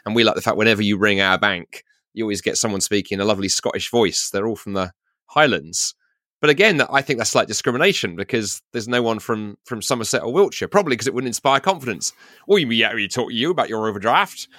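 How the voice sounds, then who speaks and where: A man's voice: fairly low pitch, animated, a bit bright, dry recording, clean studio sound. A man from South London with a Received Pronunciation English accent, co-hosting a podcast in a playful, chatty way, full of restarts and asides. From South London, England. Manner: rapid, chatty, many restarts and "you know"s, playful. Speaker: podcast co-host. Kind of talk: casual chat.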